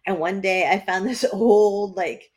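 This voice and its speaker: A woman's voice: mid-range voice, measured pace. A woman from New Hampshire co-hosting a podcast, telling stories in casual chat and laughing often. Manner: lively storyteller who laughs often. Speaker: podcast co-host.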